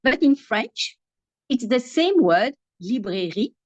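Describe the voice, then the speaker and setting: A woman's voice: mid-range voice, measured pace, no room sound. A woman teacher with a Mauritian accent, explaining thoughtfully in an interview with many restarts. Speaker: English teacher. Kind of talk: video call interview answer. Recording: dry, muffled video call audio.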